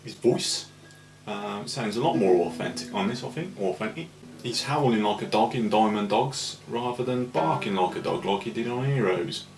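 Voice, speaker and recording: A man's voice: lowish voice, animated, moderate pace, a little mellow. Hesitant man chatting in echoey room. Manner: rambling and hesitant, many ums. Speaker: co-host reviewing an album. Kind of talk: casual chat. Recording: echoey room with faint noise.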